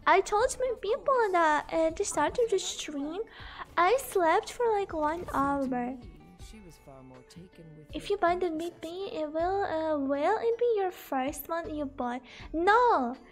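A young woman streaming a game, chatting casually, sleepy, chatty and loudly reacting to the play. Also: very high voice, expressive, slow, soft background music. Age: young adult. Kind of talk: casual gameplay chat.

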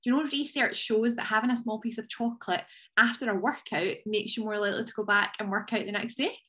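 A woman giving an energetic motivational talk on a video training call, chatty and playful. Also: fast talker. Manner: energetic, chatty, jumps into high playful voices. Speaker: team leader on a training call.

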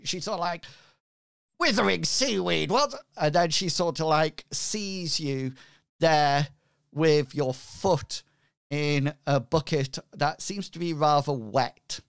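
A man narrating as game master in an unhurried, rambling style with lots of "sort of, like" fillers. His voice sits a bit higher than most men's and sounds smooth and clear. He is recorded dry and close. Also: no room sound.

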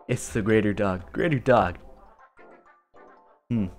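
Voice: medium pitch, unhurried, pauses often. A gamer rambling through let's play commentary in a goofy, self-amused way. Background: game music.

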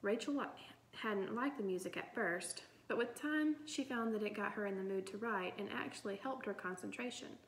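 A woman narrating a children's novel in an even storytelling manner. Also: medium pitch, moderate pace, slight background noise. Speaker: audiobook reader. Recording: roomy echo.

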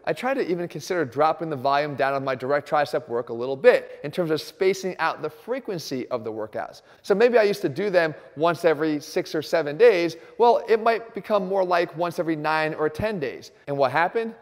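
A man explaining a workout as a fitness coach, talking emphatically and fast. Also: fairly high pitch, lively intonation, in a large hall. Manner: emphatic and rapid. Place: gym.

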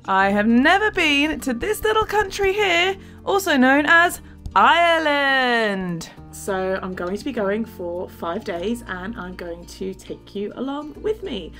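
A woman's voice: a little high, big pitch swings, takes it slowly, a bit bright, faint music behind. A young woman from England chatting upbeat to camera as a travel vlogger, laughing often. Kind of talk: casual vlog talk to camera.

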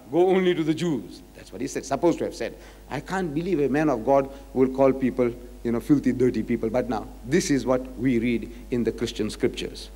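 A man giving a public lecture on scripture, emphatic, asking rhetorical questions and swinging between loud and quiet. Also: mid-range voice, a little fast. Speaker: religious lecturer. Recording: reverberant lecture hall.

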